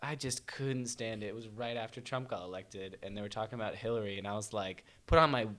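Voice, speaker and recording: A man's voice: on the low side, quick pace, a bit bright. A man talking as a musician guest on a podcast, telling stories with self-deprecating laughs. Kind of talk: casual podcast chat.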